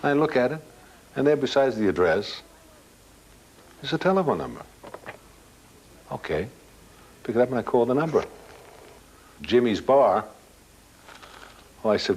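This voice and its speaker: A man's voice: mid-range voice, very animated, measured pace, long pauses, a little mellow, slightly rough. An older man telling a ghost story as a talk show guest, acting out the other people's voices. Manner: dramatic storyteller, acts out voices. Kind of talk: storytelling in an interview.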